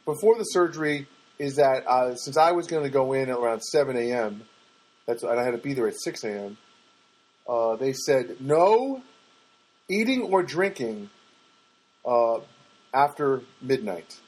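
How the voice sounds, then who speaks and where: Podcast host, male, husky voice, rambling self-mocking storyteller. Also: normal speed, a little mellow, poor audio. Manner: rambling, self-mocking, mimics others in a high voice. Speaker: podcast host and stand-up comic. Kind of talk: casual storytelling monologue. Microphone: podcast microphone.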